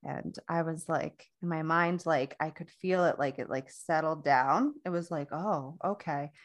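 A woman's voice: sits low, steady tone, normal speed. A young adult woman co-hosting a casual podcast chat, telling a long story with many restarts and quoted dialogue. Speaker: podcast co-host.

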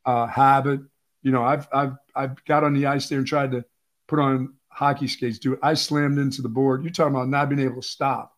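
A man from Pennsylvania co-hosting a sports radio show, telling stories in an animated, emphatic way with lots of repeated phrases. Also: medium pitch, a little fast. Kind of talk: casual sports talk.

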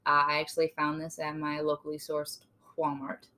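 A woman's voice: deep voice, monotone, brisk, sharp tone, a little hiss or hum. A woman hosting a casual podcast, reading aloud with playful, jokey asides. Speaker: podcast host.

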